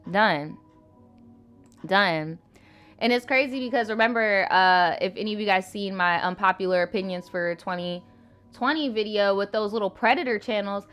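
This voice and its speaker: A woman's voice: medium pitch, fairly bright tone. A young woman hosting a live advice stream, talking bluntly and animatedly with plenty of swearing. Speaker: live advice show host.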